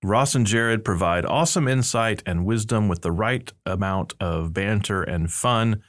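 A man's voice: fairly low pitch, a little slow, fairly bright tone. A middle-aged man hosting a church podcast, bantering and reading listener reviews aloud with playful emphasis. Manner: playful, laughs often, reads aloud with mock emphasis. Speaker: podcast host, seminary professor.

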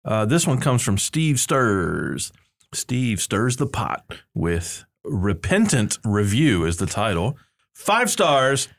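A middle-aged seminary professor hosts a church podcast, speaking slowly in a medium-pitched, sing-song voice. He banters playfully, laughs often, and reads listener reviews aloud with mock emphasis.

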